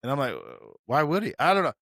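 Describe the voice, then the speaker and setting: A man co-hosting a podcast, rattling off stories at a quick clip and acting out what other people said. His voice sits mid-range and sounds close and dry, with no room around it. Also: medium pitch, vocal fry, no echo. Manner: animated storytelling, mimics quotes, says "bro" often. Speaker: podcast co-host. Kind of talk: casual chat.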